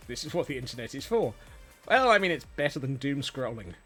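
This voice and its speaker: A man's voice: mid-range voice, sing-song, a little fast, fairly bright tone, husky. A man chatting casually while streaming a game, rambling and playful, with many fillers and restarts. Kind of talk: casual gameplay chat. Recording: faint music behind.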